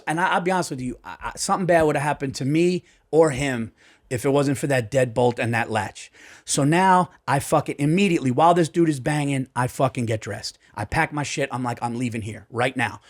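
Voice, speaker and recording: A man, a comedian on a podcast, telling a story in an animated, profane way and acting out the voices of the people in it. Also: a little high, a little fast. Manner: profane, excitable, acts out voices. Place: podcast studio. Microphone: studio mic.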